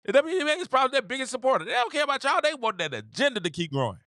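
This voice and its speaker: High, animated podcast host man. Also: very fast, no room sound, clean studio sound. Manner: animated, repeats phrases for emphasis, acts out quotes. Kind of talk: opinionated casual commentary.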